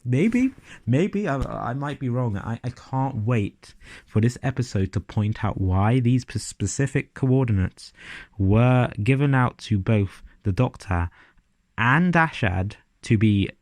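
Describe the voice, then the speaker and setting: A man's voice: medium pitch, expressive, slow pace, a little mellow, dry recording. A man giving a casual, sarcastic and profane review of a TV episode.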